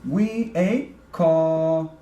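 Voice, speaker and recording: Slow, deliberate man teaching grammar. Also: a little high, dark tone, reverberant. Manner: slow, deliberate explaining with frequent ums and uhs. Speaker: Spanish teacher. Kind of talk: recorded grammar lesson.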